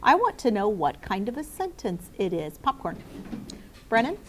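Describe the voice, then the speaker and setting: A woman's voice: medium pitch, big pitch swings, normal speed, background noise. A woman teacher leading a grammar review with her class, patiently asking questions and calling on students by name. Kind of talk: classroom lesson to students and viewers.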